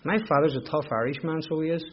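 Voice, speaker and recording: Here a Belfast-accented, middle-aged Northern Irishman talks fast in a higher-leaning voice, giving frank personal testimony about his recovery with emotional repetitions. The dull lo-fi recording carries a little hiss or hum.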